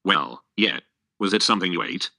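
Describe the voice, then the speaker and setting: A male text-to-speech voice reading the lines of a talkative, blunt male donkey in a flat, synthetic way. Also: sits low, moderate pace, no room sound, studio quality, exaggerated voice. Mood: chatty.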